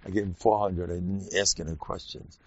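A man's voice: deep voice, steady tone, a little fast, darkish tone, no room sound. A man giving an informal, joking religious talk full of personal stories and Yiddish and Hebrew terms, in a dull lo-fi recording. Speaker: religious speaker.

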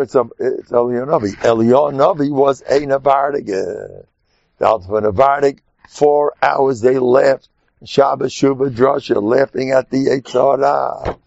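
A man's voice: mid-range voice, gravelly, a little mellow, no echo. A man giving an informal, joking religious talk full of personal stories and Yiddish and Hebrew terms, in a dull lo-fi recording. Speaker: religious speaker.

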